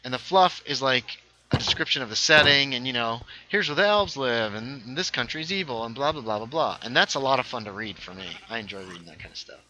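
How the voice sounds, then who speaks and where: A young man from North Carolina hosts a livestream and chats casually while he plays. His tone is very bright. His stories ramble and keep breaking off and restarting. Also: mid-range voice, lively intonation, fast talker, slight background noise, poor audio. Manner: rambling, self-interrupting storyteller. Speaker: livestream host. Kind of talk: casual chat while gaming.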